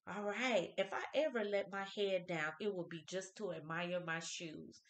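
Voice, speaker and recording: A woman in her fifties talks in an expressive, churchy way on her birthday vlog, reading out inspirational quotes and commenting on each one. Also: lowish voice, normal speed, reverberant. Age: 50s. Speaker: vlogger.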